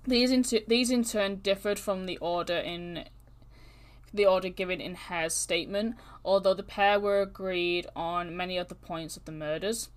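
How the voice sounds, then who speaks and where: A woman hosting a podcast, telling stories in casual, animated chat with plenty of swearing. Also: on the low side, moderate pace. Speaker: podcast host.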